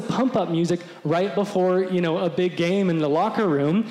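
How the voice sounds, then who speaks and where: Animated high-voiced male preacher, echoey hall. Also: moderate pace, hardly any pauses. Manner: animated, acts out crowd voices. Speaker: pastor. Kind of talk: sermon. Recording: echoey hall with long reverb.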